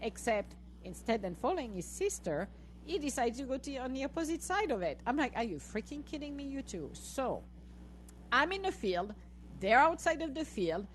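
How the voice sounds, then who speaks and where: A woman's voice: high voice, moderate pace, a little hiss or hum, rough recording. A middle-aged woman hosting a podcast, telling a funny story in a casual chat and acting out what she said, often laughing. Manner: animated, laughing, acts out her own lines to the dogs. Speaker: podcast host.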